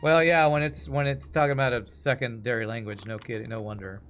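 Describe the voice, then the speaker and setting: Chatty American streamer, music behind. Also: male voice, medium pitch, fairly even intonation, fairly quick, fairly bright tone. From Texas, USA. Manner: chatty, rambling, reads chat aloud. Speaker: game streamer. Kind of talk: casual gameplay commentary with chat. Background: faint game music.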